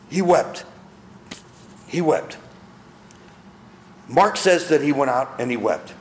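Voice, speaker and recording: A man's voice: a little high, echoey room, a little hiss or hum. A man preaching a sermon as pastor, earnest, asking his listeners questions and repeating key phrases.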